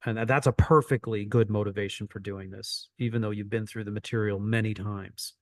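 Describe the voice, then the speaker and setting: A man's voice: lowish voice, fairly even intonation, fairly quick, no room sound, clean studio sound. A man coaching an online teaching session, repeating phrases for emphasis as he explains.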